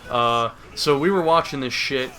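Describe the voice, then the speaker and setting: A man's voice: medium pitch, moderate pace, sharp tone. A man giving a crude, sarcastic, rambling comedic recap of a movie as a video host. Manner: rambling, crude, sarcastic, mocks with silly voices.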